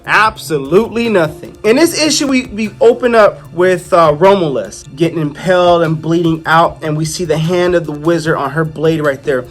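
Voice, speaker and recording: A man casually reviewing a comic book, retelling the scenes in an animated way and slipping into the characters' voices. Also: high-pitched.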